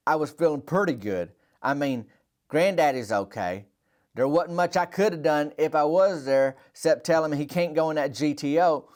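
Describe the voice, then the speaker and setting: A man with a Southern American accent telling a rambling comic story in a dry, folksy way as a podcast host. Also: a little high. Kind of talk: deadpan rural comic storytelling.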